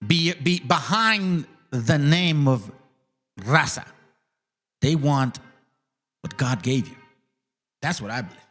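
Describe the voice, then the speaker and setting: A man hosts a podcast in casual, blunt chat full of swearing. His voice sits a little high and swings widely in pitch as he reacts. He sounds animated and direct. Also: slow pace, pauses often, soft background music. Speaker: podcast host.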